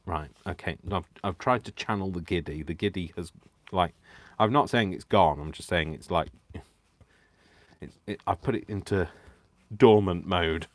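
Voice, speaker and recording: A man's voice: low-pitched, moderate pace, dry recording. A man hosting a live crafting stream, chatting in a giddy, rambling way, mocking himself and chuckling to himself. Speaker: crafting livestream host. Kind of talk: casual live crafting chat.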